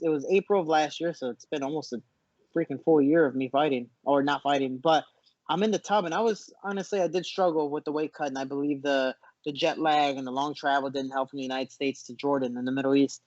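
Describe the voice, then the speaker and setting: A man, a fighter guest in a casual interview, telling animated stories with lots of restarts, over muffled video call audio. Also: a little high, fairly quick, dry recording. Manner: animated storyteller, frequent restarts.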